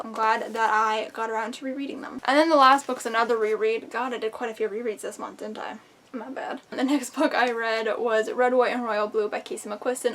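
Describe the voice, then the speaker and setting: A woman book vlogger chatting casually through her monthly reading wrap-up, gushing with enthusiasm. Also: on the high side.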